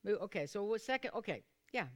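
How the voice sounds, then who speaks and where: A woman preaching a sermon to a small group, repeating phrases and calling for responses, sometimes bursting into loud, fervent exclamations. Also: medium pitch, animated, quick pace. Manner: repetitive, calls for responses from listeners.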